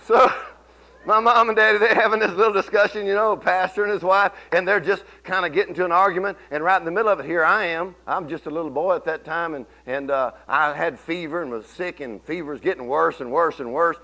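Folksy preacher man, bright voice. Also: a little fast. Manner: folksy storytelling preacher, swings from low murmur to shouting. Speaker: pastor. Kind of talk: sermon. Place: church.

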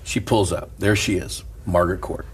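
A man who is a preacher, telling a story in casual talk, animated and chuckling often. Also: sits low, normal speed, a little hiss or hum.

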